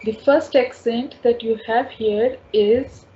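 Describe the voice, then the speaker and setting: Speaking slowly in a steady, slightly high voice, a woman teaches French and patiently repeats every word and sound multiple times. It's a slow spoken language lesson captured in dull lo-fi audio with a faint hum of ambient noise.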